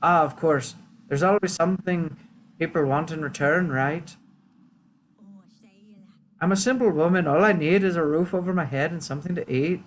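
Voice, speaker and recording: A self-assured witch woman offers her help in a put-on accent, as a man voices her for a game. Her voice sits a little high for him, and her manner is calm and knowing. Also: normal speed, pauses often, slight background noise, close to an everyday voice, poor audio. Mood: wry.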